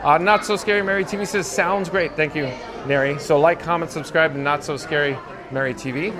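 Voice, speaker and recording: A man's voice: fairly high pitch, brisk. A man hosting a casual live stream while walking outdoors through a busy theme park, reading viewer comments aloud and thanking them. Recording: outdoor live stream with music and crowd behind. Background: park music and crowd noise.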